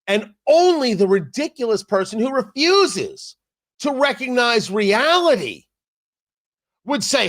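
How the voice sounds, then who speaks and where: Male talk show host doing a political rant, sarcastic and jokey, voice goes high and swings all over. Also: sing-song, a little slow, fairly bright tone. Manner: sarcastic, emphatic, jokey asides. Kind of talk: political commentary monologue.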